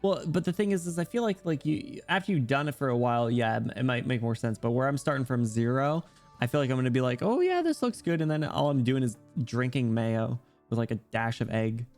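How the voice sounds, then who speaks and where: A man's voice: mid-range voice, a little fast, darkish tone, faint music behind. A man streaming and chatting casually with his viewers, rambling and poking fun at himself. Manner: rambling, self-deprecating, joking.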